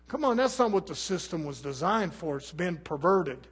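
A man delivering a fiery sermon with a high, husky voice. He scolds and exhorts, dropping from loud preaching into low muttered asides. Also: sing-song, moderate pace.

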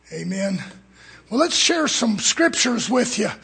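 A man preaching a fiery sermon in a church, swinging from loud shouts to low murmurs. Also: very animated, slow pace, vocal fry, long pauses, husky.

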